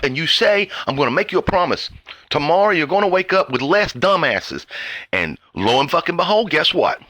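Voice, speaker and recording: A man on a profane, sarcastic tirade, his bright, tense voice swinging widely in pitch as he mutters low, then jumps into mocking high outbursts. The sound is close and dry, with no room around it. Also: no echo. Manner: sarcastic, swears constantly, mocks mimicking voices; bursts from low mutters to sudden high shouts. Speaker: vlogger ranting to viewers. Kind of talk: angry profane rant.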